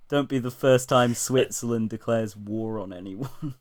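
A man co-hosting a casual podcast, speaking at an ordinary middle pitch. He swears freely and laughs often as he recounts things, his delivery loose and animated. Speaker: podcast co-host. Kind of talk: casual chat.

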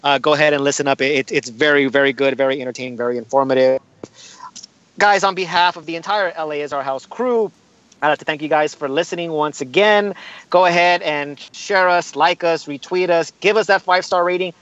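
A man hosting a casual sports podcast, animated and quick to laugh, stressing words by repeating them. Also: a little high, smooth, no room sound, highs cut off. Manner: animated, laughing, repetitive emphasis. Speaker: podcast host.

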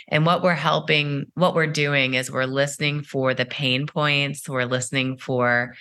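A middle-aged woman, a company founder, giving measured, explanatory answers in a podcast interview, with many "uh"s and "you know"s. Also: rumbling low, pushed and bright.

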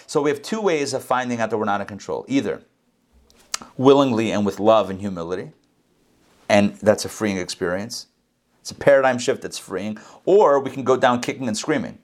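A man's voice: lowish voice, moderate pace. Man teaching scripture conversationally. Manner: conversational, jokey asides. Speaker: Bible teacher. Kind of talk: informal scripture lesson.

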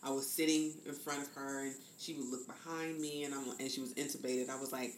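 A woman's voice: rumbling low, steady tone, fairly quick. A woman in her fifties from the American South, speaking candidly as a podcast guest and acting out the voices she quotes. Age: 50s. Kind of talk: reflective conversation. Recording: echoey room with faint noise.

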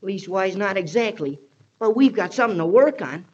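In a dull, lo-fi 1930s radio recording, a woman voices Joe, Annie's loyal pal, an eager, earnest boy with folksy speech and plenty of "shucks." Her mid-range voice is expressive and darkish with a breathy edge, at a moderate pace.

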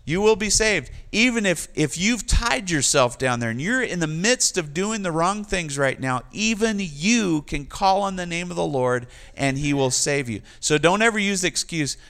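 A male pastor delivers a lively sermon in a voice sitting a touch higher than most men's. He reads scripture with swelling emphasis and speaks directly to his listeners, slipping in light jokes between points. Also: normal speed, hardly any pauses. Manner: lively preaching, reading scripture with rising emphasis, joking asides.

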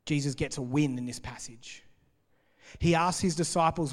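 A man preaching in a big hall, his voice trailing off in a long reverb. He speaks a little higher than most men and keeps a lively, conversational style as he explains scripture. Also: normal speed. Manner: conversational and animated, laughing between points. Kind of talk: sermon, reading and explaining scripture.

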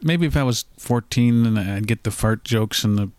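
A man's voice: fairly low pitch, normal speed, a little mellow, smooth, no echo. A man in casual chat, giving blunt, dismissive opinions.

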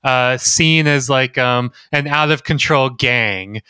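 Bright, crisp-voiced man hosting a podcast. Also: medium pitch, takes it slowly, no echo. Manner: emphatic, repeats key points. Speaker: podcast co-host. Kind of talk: casual podcast chat.

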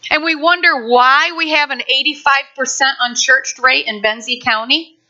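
A woman pastor preaching a sermon in a lively, conversational way with playful asides to her congregation. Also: sits high, moderate pace, lo-fi sound. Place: church sanctuary.

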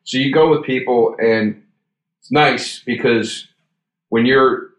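A man's voice: mid-range voice, slow, fairly bright tone. A man talks casually as host, drifting through a rambling anecdote and cursing freely. His voice sits in a middling register. The room gives it a noticeable echo. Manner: rambling storyteller, swears freely. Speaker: podcast host. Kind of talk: casual chat. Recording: roomy echo.

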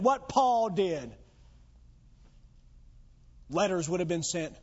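A pastor preaching a sermon in a strikingly high-pitched male voice. He is emphatic and keeps putting rhetorical questions to the congregation. The recording is dull and lo-fi. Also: expressive, slow pace.

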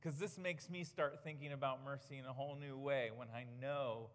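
A man's voice: medium pitch, steady tone, normal speed. A man preaching a sermon as pastor, earnest and emphatic, asking rhetorical questions. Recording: church hall reverb.

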